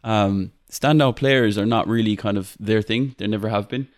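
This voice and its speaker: A man's voice: on the low side, moderate pace, dry recording, studio quality. A young Irish man hosting a casual football podcast, chatty with many fillers and restarts, laughing often. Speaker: podcast host.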